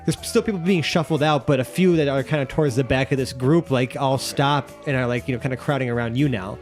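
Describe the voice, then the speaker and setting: A man narrating as game master of a tabletop game, rambling with many fillers and bursting into excited crowd voices. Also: mid-range voice, quick pace, faint music behind.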